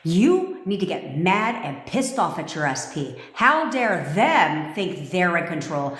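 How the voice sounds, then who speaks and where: A woman's voice: lowish voice, sing-song, takes it slowly, few pauses, fairly bright tone. A woman manifestation coach talking on a livestream in a blunt, profane, commanding way. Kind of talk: livestream talk to viewers. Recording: echoey room with long reverb.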